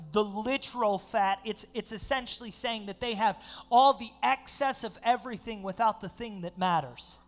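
A male pastor preaching a sermon, reading scripture aloud and breaking into animated, laughing asides. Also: high voice.

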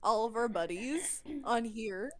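Playful, bright-voiced woman co-host. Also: a little high, unhurried. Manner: playful, laughs a lot. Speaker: podcast co-host, musician. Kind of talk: casual chat. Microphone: Discord call.

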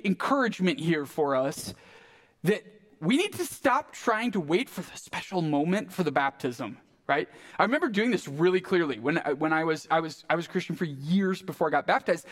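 High-voiced casual male preacher. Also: a bit bright. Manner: casual, conversational, frequent "like" and "right?". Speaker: pastor. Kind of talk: sermon.

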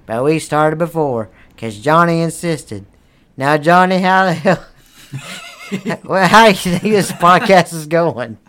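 A man's voice: on the high side, takes it slowly, fairly bright tone. A man hosting a podcast, rambling in crude, profane comedic banter and laughing often. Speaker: podcast host.

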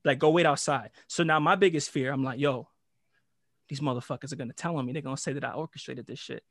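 Talking fast in a fairly bright, medium-pitched voice, the young guest storyteller from New York uses his local accent to recount a prank in casual, swear-filled slang, performing each voice. The audio is studio quality without echo.

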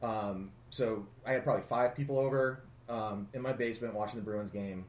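A man in his thirties co-hosting a casual podcast chat, telling lively stories and mimicking friends. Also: fairly quick, reverberant. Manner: animated storyteller, quotes friends in loud high voices. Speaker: podcast co-host.

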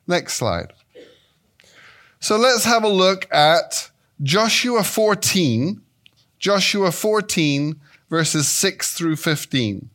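English man in his fifties, guest preacher, animated and playful, voice on the high side. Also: very slow. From England. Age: 50s. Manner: animated, playful, with shifting pitch and pace. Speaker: guest speaker and Bible teacher. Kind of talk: sermon.

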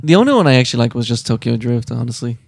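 A man chatting casually about a car show, relaxed and plain-spoken, swearing now and then. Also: medium pitch, rapid-fire, creaky, dry recording, studio quality. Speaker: co-host. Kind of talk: casual chat.

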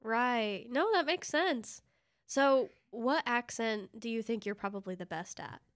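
A woman hosts the interview in a slightly raised voice, upbeat and quick to affirm. She asks her questions simply and keeps the chat moving. Her mic sounds close and dry. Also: a little high, no room sound. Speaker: podcast host.

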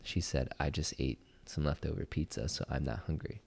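Deep-voiced young man telling a story. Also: fairly quick, gravelly, slightly rough. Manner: animated storyteller, acts out quoted voices. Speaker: podcast co-host. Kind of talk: casual storytelling chat.

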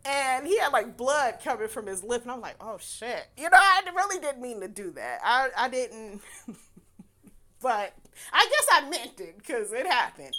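A young woman with a lilt tells a personal story in a loose, conversational way. Her voice is bright and forceful, and she breaks into laughter and curses freely as she talks. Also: a little high, very animated, unhurried. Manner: candid, laughs often, swears freely.

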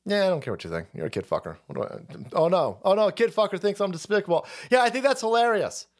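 A man's voice: high-pitched, very animated, fast. Foul-mouthed male streamer, mocking sarcasm, voice swinging wildly. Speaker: political commentary streamer. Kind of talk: profane political rant.

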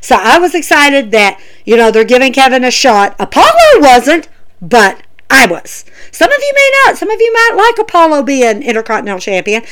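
Chatty high-voiced woman reviewing wrestling. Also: big pitch swings, normal speed, a bit bright. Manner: chatty, emphatic, addresses viewers as guys. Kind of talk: casual opinion vlog.

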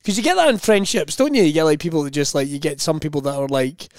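A man's voice: a little high, fast, no room sound, studio quality. A middle-aged Scottish man co-hosting a casual chat, telling stories with lots of swearing and acted-out quoted voices. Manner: animated storytelling, swearing, acting out quoted voices. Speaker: podcast co-host.

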